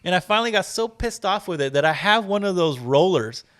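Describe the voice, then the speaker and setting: A man with a slightly higher voice tells a story as a podcast guest. He talks casually and loosely, swearing now and then. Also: lively intonation, fairly quick, fairly bright tone. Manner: loose, profane, acts out scenes with quoted voices.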